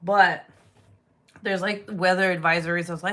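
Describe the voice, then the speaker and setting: A woman chats casually at home while she works on clay crafts. Her voice is bright and clear. She talks candidly, swears freely and laughs often. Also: fairly low pitch, fairly even intonation, moderate pace. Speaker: polymer clay crafter vlogger.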